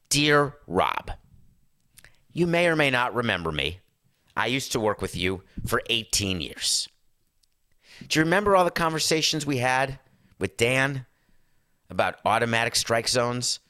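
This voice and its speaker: A middle-aged man with a hoarse voice, ranting emphatically and sarcastically as a sports talk show host. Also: mid-range voice, pushed and bright, dry recording, clean studio sound. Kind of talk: impassioned talk-show rant.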